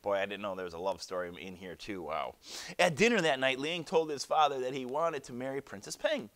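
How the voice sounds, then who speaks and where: A man's voice: mid-range voice, expressive, brisk, a bit bright. A male teacher reading a storybook aloud to his class and then guiding them through a worksheet, with chatty asides along the way. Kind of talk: classroom read-aloud and lesson.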